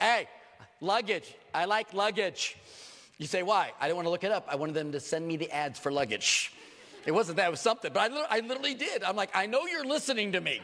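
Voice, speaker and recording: Older man preaching with lively jokes. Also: a little high, in a large hall. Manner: animated, jokey storytelling with acted asides. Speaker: pastor. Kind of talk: sermon.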